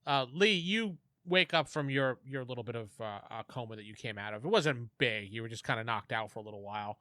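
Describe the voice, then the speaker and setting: A man narrating a tabletop game as game master, playful and laughing, often halting mid-sentence. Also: medium pitch, pushed and bright, no room sound, clean studio sound.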